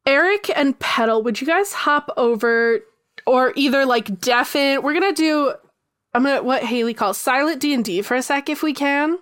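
A woman's voice: sits high, normal speed, fairly bright tone. A woman narrating as game master of a tabletop game over a voice call, chatty and bubbly with many ums.

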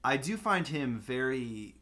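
A young man hosting a comedy podcast, delivering deadpan, mock-pompous rants. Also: medium pitch, a little slow. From Los Angeles. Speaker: podcast host.

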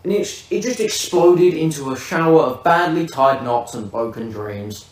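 Podcast host, man, lively profane storyteller, slightly high voice, echoey room, mic set back. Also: normal speed. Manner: vivid, swearing, comic storyteller. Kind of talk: casual storytelling. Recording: roomy, distant mic.

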